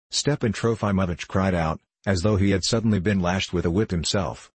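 Brief: male audiobook narrator, low husky voice, dry close sound. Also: fairly quick, few pauses, darkish tone, dry recording. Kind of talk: audiobook reading of a classic novel.

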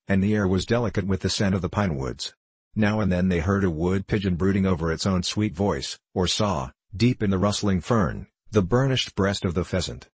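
A man narrates a classic tale in a measured, even storytelling manner. His voice sits low and a little breathy. The recording is dry and close, with no room sound. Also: dry recording. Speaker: audiobook narrator. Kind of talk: scripted narration.

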